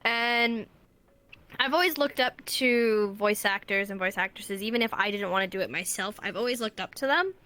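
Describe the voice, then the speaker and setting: Bright-voiced chatty woman. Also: medium pitch, normal speed. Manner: chatty, laughs often. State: strained voice. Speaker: guest. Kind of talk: casual interview chat.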